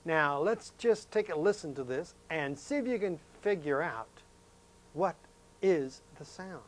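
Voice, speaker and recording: Man, science teacher, folksy, chatty, asks the class questions, slightly high voice. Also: lively intonation, a little slow. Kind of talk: classroom lesson demonstration.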